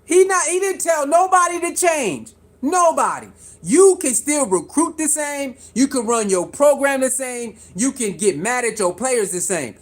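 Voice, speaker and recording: A vlogger giving casual sports commentary to camera, animated and repetitive, firing rhetorical questions at viewers and laughing between points. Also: sits high, a little slow.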